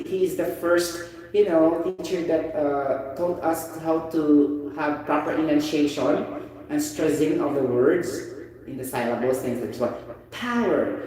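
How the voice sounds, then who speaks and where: A Filipino man with a Filipino accent teaching an English vocabulary lesson, animated and often asking "you get the point?". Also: on the high side. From Philippines. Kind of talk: informal online vocabulary lesson. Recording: very echoey room, voice distant from the mic.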